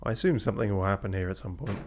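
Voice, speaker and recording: A man's voice: on the low side, rapid-fire, a little mellow, slight background noise. A man streaming a video game live. He chats casually and offhandedly, swears now and then and mutters asides to himself.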